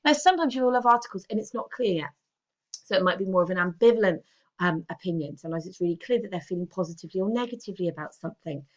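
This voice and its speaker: A woman's voice: on the low side, lively intonation, rapid-fire, muffled recording. Woman, English teacher, recorded lesson delivery, explanatory, frequent check-ins with the class. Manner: explanatory, checks in with students often.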